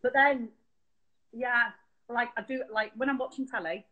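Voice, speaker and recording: A woman's voice: on the high side, steady tone, measured pace, sharp tone, muffled recording. A woman chatting as a guest on a video call, talkative and teasing. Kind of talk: casual video-call chat.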